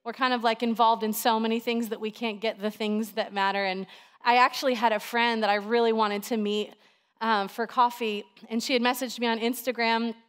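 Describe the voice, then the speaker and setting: A woman in her thirties, a pastor, preaching a sermon in a chatty, animated storytelling way with lots of fillers. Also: on the high side, brisk, clear, resonant tone.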